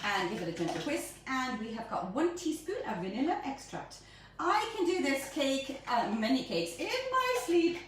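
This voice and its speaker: Bubbly high-voiced woman baking, echoey room. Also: big pitch swings, normal speed. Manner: bubbly and playful, stumbles over words. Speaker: home baker hosting her own baking channel. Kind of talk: chatty baking demonstration. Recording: very echoey room, mic at a distance, faint noise.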